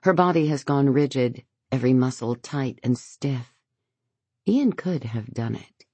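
Very low, slow-reading woman narrator. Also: expressive, mellow, breathy edge, no echo. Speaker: audiobook narrator. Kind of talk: scripted narration.

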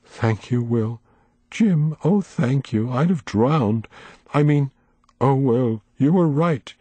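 A man voicing a terrified, grieving old woman in a storybook reading, with high, pleading, breaking cries. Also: lively intonation, slow pace, dark tone, breathy edge, no echo.

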